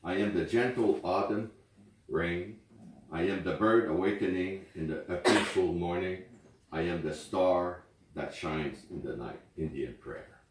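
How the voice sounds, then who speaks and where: A man whose first language is French, reading memorial poems aloud at a wake in a slow, earnest way. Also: low-pitched, slight background noise. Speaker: speaker at a wake. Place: memorial gathering indoors. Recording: very echoey room, far from mic.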